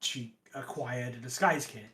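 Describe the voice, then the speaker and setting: A man running a tabletop game as game master, explaining things in an unhurried, hesitant way with many fillers. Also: mid-range voice, sharp tone. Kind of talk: casual tabletop game narration.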